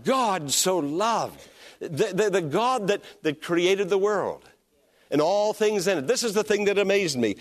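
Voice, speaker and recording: A man's voice: high voice, very animated, a little slow. A man preaching a sermon as pastor, emphatic and repetitive, drawing out key phrases and calling on listeners to repeat them.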